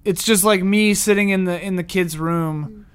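A woman chats playfully at a tabletop role-play game and reads out dice results. Her voice sits at a typical middle pitch. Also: normal speed, clear, resonant tone. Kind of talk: casual game chat.

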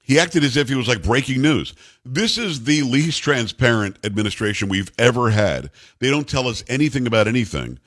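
A man's voice: mid-range voice, lively intonation, brisk, a bit bright, no echo. A man hosting a talk radio show in a studio, joking and teasing his co-host in casual, rambling banter.

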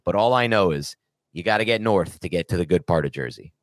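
Fast-talking, emphatic man. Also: low voice, lively intonation, dry recording, studio quality. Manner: emphatic, rapid-fire rhetorical questions. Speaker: podcast co-host. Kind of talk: casual podcast chat.

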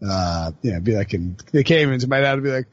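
A man's voice: mid-range voice, expressive, quick pace, highs cut off. A man co-hosting a casual sports podcast, rambling with lots of fillers and frequent laughs. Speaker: podcast co-host.

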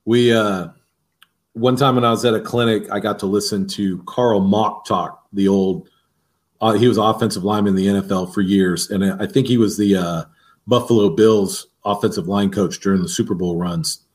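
A man's voice: lowish voice, fairly even intonation, moderate pace. A man who coaches defensive line, talking casually on a podcast and walking through technique step by step, often restarting his sentences.

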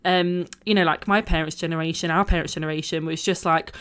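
A woman's voice: low-pitched, fairly even intonation, quick pace, a bit bright, smooth. A woman hosting a podcast in a casual chat, frank and swearing freely. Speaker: podcast host.

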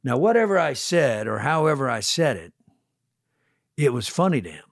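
A man in his sixties, an actor guest, telling animated stories in a casual podcast interview, sometimes swearing. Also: mid-range voice, moderate pace, vocal fry, dry recording, clean studio sound. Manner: animated storyteller, swearing, acts out quotes. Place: podcast studio. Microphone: studio headphones and mic.

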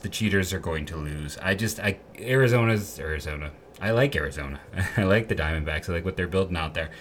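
A man's voice: sits low, a bit bright, a little hiss or hum. A man hosting a sports podcast, talking casually in a rambling, candid way with lots of fillers and restarts. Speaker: podcast host.

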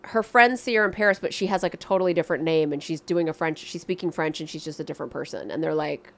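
A middle-aged woman with a nasal voice co-hosting a podcast, chatting casually and telling stories with lively quoted asides. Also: quick pace, creaky. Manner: animated storyteller, jumps to high voices for quotes. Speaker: podcast co-host. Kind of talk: casual chat.

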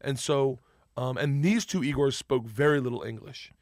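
A man's voice: mid-range voice, moderate pace, darkish tone, no echo, studio quality. A man telling stories in a casual chat, rambling, cutting himself off, and swearing freely. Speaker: guest. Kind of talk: casual storytelling in a podcast chat.

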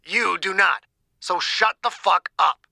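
A man's voice: high voice, slow, gravelly, sharp tone, no room sound, pitched above the performer's own voice, exaggerated voice. A man voicing a blunt, cold male doctor.

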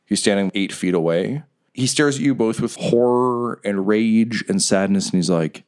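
A man running a tabletop game as game master, narrating the scene in vivid detail and slowing down for dramatic moments. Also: lowish voice, a little mellow.

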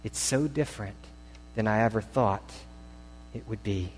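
A man's voice: on the low side, a little slow, a little hiss or hum, pitched below the performer's own voice, close to an everyday voice. A male preacher voicing a sophisticated secular woman who speaks hesitantly and earnestly, heard in a reverberant hall. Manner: hesitant, confiding.

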